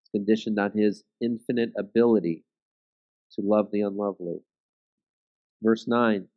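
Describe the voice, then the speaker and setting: A man's voice: lowish voice, steady tone, normal speed, narrow, tinny audio. A man leading a Bible study, teaching in a conversational way and often checking in with his listeners.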